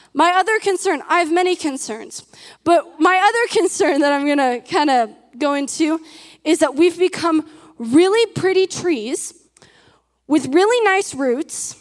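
A woman's voice: sits high, long reverb tail. A woman giving an earnest, emphatic sermon to a live audience and asking them questions. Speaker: preacher.

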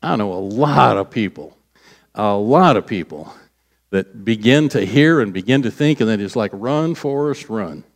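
A man's voice: lowish voice, animated, normal speed, creaky. A man delivering a sermon in a conversational way, acting out scripture quotes. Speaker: pastor.

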